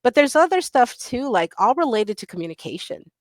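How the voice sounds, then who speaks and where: A woman's voice: fairly high pitch, sing-song, brisk, dry recording. A middle-aged woman on a panel talking candidly over a video call, blunt and self-deprecating, laughing often. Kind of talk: candid conversational storytelling.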